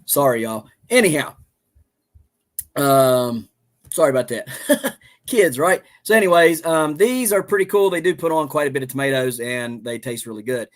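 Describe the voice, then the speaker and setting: A man's voice: a little high, moderate pace. A man with a Southern accent hosting a homestead livestream, chatting casually in a rambling, folksy way with plenty of ums and uhs. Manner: rambling, folksy, many fillers.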